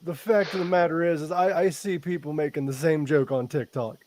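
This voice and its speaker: A man's voice: a little high, fairly even intonation, a little fast, darkish tone. A man hosting a podcast, teasing his guest and laughing through crude jokes. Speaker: podcast host. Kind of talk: casual crude podcast banter.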